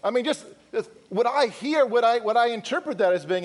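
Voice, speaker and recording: A man's voice: very high-pitched, lively intonation, a little fast, few pauses. A male pastor preaching a sermon, firing rhetorical questions and speaking candidly to his congregation in conversational asides. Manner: emphatic, full of rhetorical questions.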